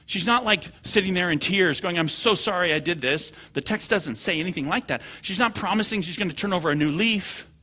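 Male pastor, husky and bright, animated sermon delivery with big swings in loudness and pitch. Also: brisk, few pauses. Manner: animated storytelling preacher, voice swings from low murmurs to loud high bursts.

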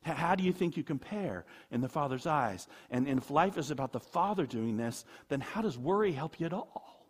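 A man preaching a sermon, animated, with laughing asides, acting out quoted voices. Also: fairly high pitch, a little fast, husky. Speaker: pastor.

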